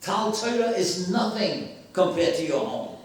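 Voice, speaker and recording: High-voiced man preaching in an echoey hall. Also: animated, measured pace. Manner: emphatic, preachy storytelling with rhetorical questions. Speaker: speaker at a memorial gathering. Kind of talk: sermon-style talk with stories. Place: hall with a live audience. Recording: very echoey hall, voice far from mic.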